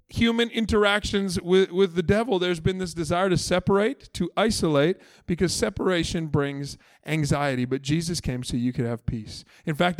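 Man, pastor, sermon, earnest and emphatic, chatty asides, fairly high voice, dry close sound. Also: dry recording. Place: church service.

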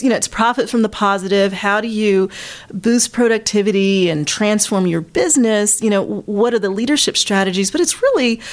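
A woman in her thirties hosting a casual interview, chatty and laughing often. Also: medium pitch. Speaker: host.

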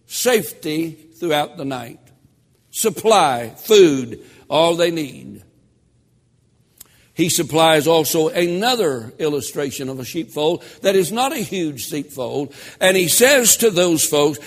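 Slow emphatic preacher, echoey church. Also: male voice, fairly high pitch, lively intonation. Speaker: pastor. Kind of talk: sermon. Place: church sanctuary.

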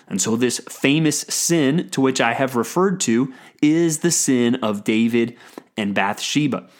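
A man preaching a sermon in a conversational teaching manner, with frequent restarts and fillers, slowing into a graver tone when he reads scripture aloud. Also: mid-range voice. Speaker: pastor. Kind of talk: sermon teaching on a Bible passage.

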